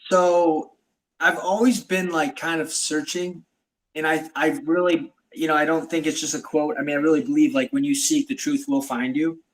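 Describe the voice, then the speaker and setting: A man's voice: fairly high pitch, level tone, moderate pace, rough recording. A man hosting a podcast, telling a personal story in casual chat with many fillers. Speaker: podcast host.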